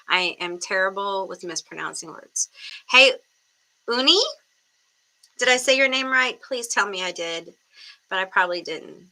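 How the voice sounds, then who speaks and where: A woman's voice: lowish voice, pushed and bright. A woman hosting a tarot livestream from her room, chatting casually on a webcam and greeting viewers by name. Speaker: tarot reader livestream host.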